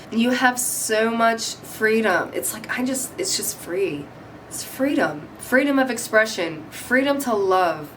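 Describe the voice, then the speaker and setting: A woman's voice: medium pitch, a little hiss or hum. A woman giving a casual tarot reading, bubbly and giggly, full of affirmations. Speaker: tarot reader and medium.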